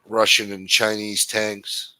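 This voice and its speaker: A man's voice: on the low side, level tone, slow pace, sharp tone, no room sound, rough recording. A man hosting a livestream, ranting in an angry, profane, blunt manner. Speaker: host. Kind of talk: livestream political rant.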